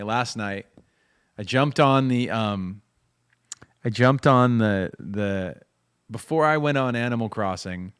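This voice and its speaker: A man with a fairly low voice talks in an unhurried, drawn-out way. He rambles in a relaxed livestream chat, half to himself, grumbling at his gear and joking with viewers. It sounds like a home music studio. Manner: rambling, muttering to himself while fiddling with gear; chats with viewers, self-deprecating. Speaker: musician streaming a live jam.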